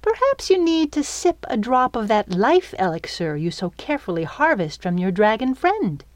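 Woman doing Belle, a high crooning fairy. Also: big pitch swings, moderate pace, dry recording. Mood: sly sweetness. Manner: sweet crooning, coaxing. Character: vain scheming female fairy, tiny, flattering.

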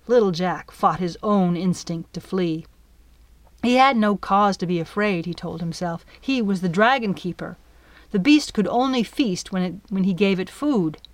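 A woman narrating a children's adventure audiobook in a measured, expressive way. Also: lowish voice, dry recording.

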